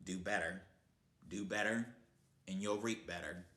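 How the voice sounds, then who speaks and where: A man's voice: deep voice, fairly even intonation, a little slow, a bit bright, reverberant. A man giving a blunt, heated motivational rant to camera, swearing constantly. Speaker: vlogger.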